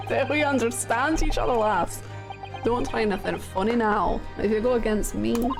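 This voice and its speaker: A woman voicing a menacing male crime boss in a video game, reading his threats slowly in a wobbly put-on Scottish-Irish accent, with game music behind. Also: a little high, vocal fry. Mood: threatening. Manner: slow, threatening, drawn-out. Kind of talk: reading game dialogue aloud.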